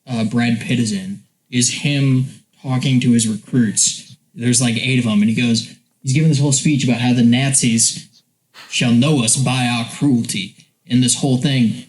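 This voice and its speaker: A young man co-hosting a casual podcast, talking at an everyday middle pitch. He is animated and quick to laugh, acting out bits of a story as he goes. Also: rough recording. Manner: animated storytelling, laughing, doing movie lines. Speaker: podcast co-host. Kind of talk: casual chat.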